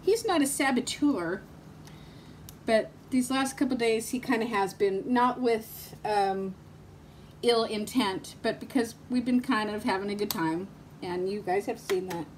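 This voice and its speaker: A woman's voice: on the high side, unhurried, slight background noise. A woman vlogger talking casually to her viewers, telling stories and laughing often as she goes. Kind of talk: casual chat vlog with storytelling.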